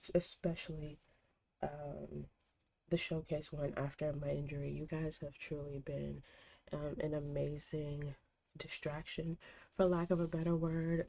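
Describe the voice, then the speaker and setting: A woman streaming a cozy game, congested from a cold, gently chatting and greeting viewers by name. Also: low voice. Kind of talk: casual stream chat.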